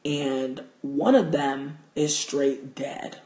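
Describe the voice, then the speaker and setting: A man telling a wild story to his livestream in a casual, profane, animated way, recorded on a phone at home. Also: fairly high pitch, normal speed. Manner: animated, profane, gets loud and excited in the telling. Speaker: livestream host. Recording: roomy echo.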